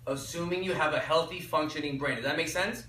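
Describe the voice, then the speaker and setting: A man with a bright, slightly high voice coaches a live audience, pausing to let them finish his sentences. The mic sits some way off, so his voice carries a roomy echo over faint background noise. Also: distant mic. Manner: energetic, quizzes the audience with fill-in questions. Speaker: workshop speaker. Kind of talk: motivational workshop talk. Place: echoey workshop room.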